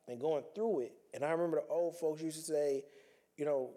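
A man's voice: on the high side, a little fast, dark tone. A man talking earnestly in a reflective personal monologue, conversational and repeating himself as he works through his thoughts.

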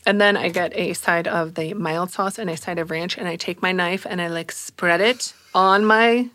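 A woman's voice: fairly low pitch, fairly even intonation, brisk, a bit bright. A woman in her thirties, a podcast guest, talking in an upbeat, eager way with lots of fillers. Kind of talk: casual interview chat.

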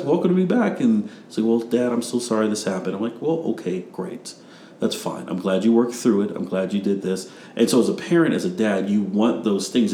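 A man's voice: sits low, mellow, roomy sound, slight background noise. A man hosting a parenting podcast, telling stories in a casual rambling way and acting out what people said. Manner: rambling storyteller, acts out quotes. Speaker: podcast host.

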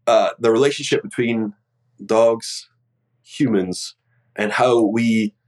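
Host, male, lower voice, slightly sick, earnest and filler-heavy intro on a remote call. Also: takes it slowly, rough recording. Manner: warm, earnest, many fillers. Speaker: podcast host. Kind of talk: casual interview intro. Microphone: remote recording.

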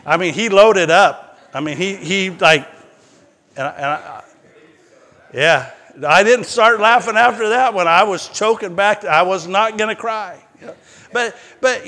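A man's voice: sits high, lively intonation, unhurried, pushed and bright, in a large hall. A male pastor preaching a sermon, mixing personal stories with emphatic, rising declarations.

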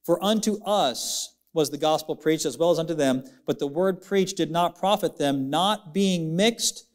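A young adult man preaching a sermon in a church, rising and falling dramatically, stretching words out for emphasis. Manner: preaching with big swings of pitch, dramatic slowdowns. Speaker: pastor. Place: church sanctuary.

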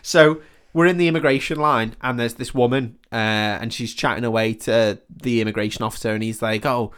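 A man's voice: mid-range voice, fairly even intonation, brisk, fairly bright tone, clean tone. A man on a casual podcast, retelling a film scene with plenty of swearing and laughter. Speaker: podcast co-host. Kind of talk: casual film recap chat.

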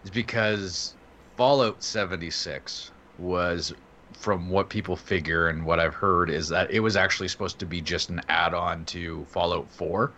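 Low, bright-voiced male co-host, rambling explainer, faint hiss behind. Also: steady tone, moderate pace. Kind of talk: casual gaming chat.

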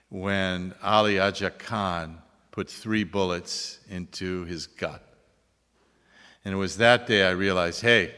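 An older man, a priest, giving a relaxed, joking talk to an audience. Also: sits low, smooth. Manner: relaxed, joking, chuckles at his own jokes. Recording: long hall reverb.

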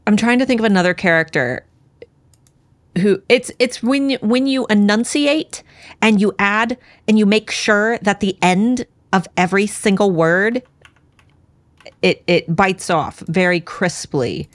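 A woman co-hosts a casual book podcast, rambling through her thoughts with restarts and fillers. Her pitch sits in the middle range. The sound is close and dry, with no room echo. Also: measured pace. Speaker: podcast co-host. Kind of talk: casual chat.

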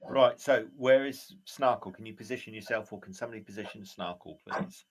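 A man's voice: on the low side, fairly quick. A man acting as game master, directing the players and narrating the scene. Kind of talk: running a tabletop game.

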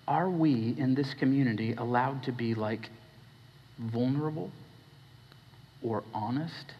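A man preaching a sermon as pastor, talking with the congregation and asking them questions, his voice dropping low and then rising. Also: measured pace, long pauses. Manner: conversational, questioning the congregation, shifting between hushed and raised. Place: church hall. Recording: dull recording with long hall reverb.

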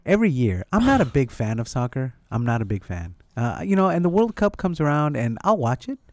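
A man's voice: medium pitch, sing-song, brisk, a little mellow, no room sound. A man co-hosting a podcast, rambling and joking with casual swearing. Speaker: podcast co-host. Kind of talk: casual chat.

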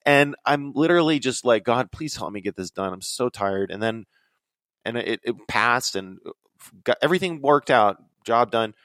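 A man telling stories in casual talk, rambling and animated, often dropping into quoted voices. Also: mid-range voice, moderate pace, no echo. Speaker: podcast guest. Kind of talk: casual storytelling.

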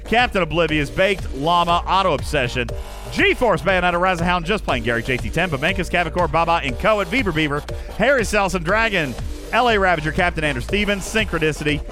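A podcast host in casual banter, a man whose somewhat high voice swings widely up and down as he jokes. He rambles and reels off long strings of names. Music runs clearly underneath him. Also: animated, brisk, pushed and bright. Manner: jokey, rambling, rattles off long lists of names.

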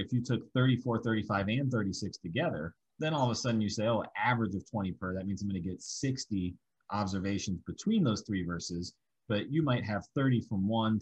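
A man's voice: on the low side, husky, muffled recording. A man teaching a Bible study method, explaining step by step and working through examples.

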